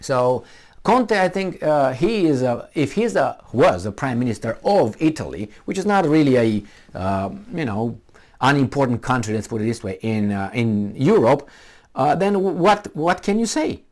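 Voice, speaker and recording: A man's voice: mid-range voice, sing-song, normal speed, a little mellow. A man giving a sarcastic, mocking monologue commentary, talking directly to the listener. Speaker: political commentator.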